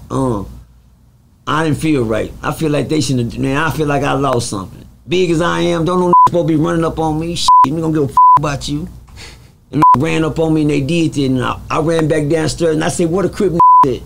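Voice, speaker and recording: A man from Texas, telling prison stories in an animated, profane, casual interview style and acting out the quotes. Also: on the high side, vocal fry, heavy background noise. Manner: animated, profane, laughs through the story. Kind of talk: casual storytelling with acted-out quotes.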